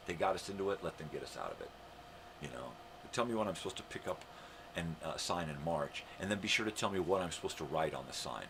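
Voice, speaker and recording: Deep-voiced older man in a profane rant. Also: creaky, noisy background. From United States. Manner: profane, ranting, heavy swearing; sarcastic, mocking. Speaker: live show host. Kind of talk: live morning show monologue.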